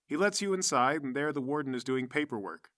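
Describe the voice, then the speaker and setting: A man's voice: medium pitch, lively intonation, brisk, a bit bright, dry recording, clean studio sound. A man narrating as game master of a tabletop game in a chatty, descriptive way.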